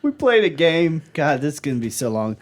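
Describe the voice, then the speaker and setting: A man with a fairly high voice co-hosts a casual chat podcast. He talks in a loose, laughing way and reads items out from a list. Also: very animated, fairly quick, noisy background. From United States. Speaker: podcast co-host.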